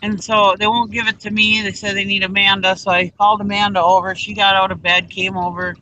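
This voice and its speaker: A woman's voice: medium pitch, little pitch movement, a little fast, pushed and bright, a little hiss or hum, poor audio. A middle-aged woman on a group video call, telling a rambling story in casual chat and acting out the people in it. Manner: rambling, acts out quoted exchanges.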